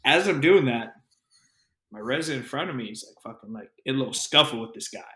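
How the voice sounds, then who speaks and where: A man co-hosting a podcast, telling an animated, profanity-laced story in casual chat. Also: medium pitch, fast talker. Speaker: podcast co-host. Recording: roomy echo.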